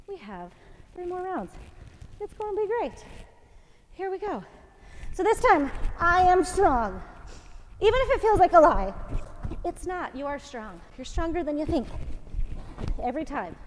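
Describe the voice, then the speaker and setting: A woman's voice: sits high, darkish tone, long reverb tail, slight background noise. A woman fitness instructor coaching a home workout, encouraging and counting reps aloud while out of breath. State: out of breath, winded.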